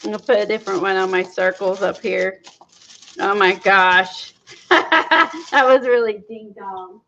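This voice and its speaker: Lady chatting away on her craft stream, kinda high voice, dull lo-fi sound. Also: vocal fry, slight background noise. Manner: chatty, excitable, talks to viewers while crafting. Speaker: craft livestream host. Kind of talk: casual livestream demo chat. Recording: dull lo-fi livestream audio.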